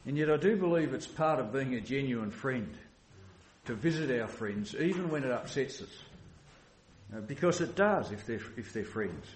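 Male pastor, mid pitch, earnest sermon voice, echoey church room with faint ambience. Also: expressive, normal speed, a little hiss or hum. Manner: earnest, with many restarts and "you know"s.

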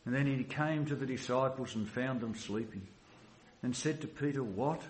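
A man's voice: mid-range voice, normal speed, roomy sound, a little hiss or hum. A man preaching a sermon as a pastor in a church, talking earnestly with restarts and many "you know"s.

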